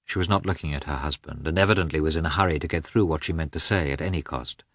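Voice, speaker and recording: A man reading a novel aloud in scripted narration, measured and expressive. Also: a bass voice, no echo, studio quality. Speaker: audiobook reader.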